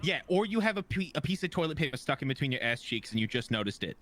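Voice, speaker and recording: Guy joking around on a podcast, voice bouncing all over, pitched a bit high. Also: very animated, fast, a bit bright. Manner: playful, joking banter. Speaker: podcast co-host. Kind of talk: casual chat.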